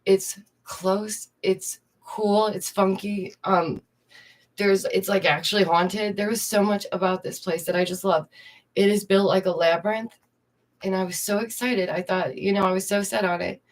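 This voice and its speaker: This young woman, an art teacher who streams, hangs out casually with her viewers at home, laughing and greeting them directly. She talks at a moderate pace in a mid-range voice with fairly even intonation.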